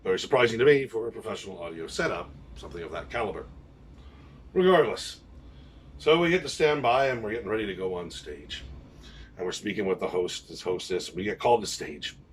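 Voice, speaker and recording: A man's voice: lowish voice, expressive, brisk, far from the mic, slight background noise. A man from Canada, a pirate band musician telling a wry, rambling story full of quoted dialogue. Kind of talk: casual storytelling.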